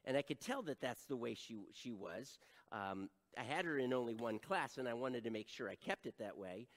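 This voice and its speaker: A middle-aged male pastor preaching an animated sermon, acting out voices and adding self-deprecating asides. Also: mid-range voice, moderate pace, in a large hall.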